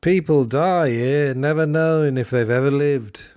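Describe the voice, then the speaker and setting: A man doing a rough impression of a world-weary young Liverpool musician, stretching the words out slowly. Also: on the high side, a little mellow, no echo, pitched above the performer's own voice, close to an everyday voice. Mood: wry, gloomy. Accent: Liverpool, roughly imitated.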